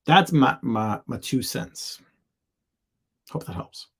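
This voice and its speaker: A man's voice: medium pitch, expressive, takes it slowly, vocal fry, a bit bright, breathy edge. A man in a casual live stream, thinking aloud as he reviews sellers' product listings, with lots of ums and likes. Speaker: sales account executive reviewing seller listings.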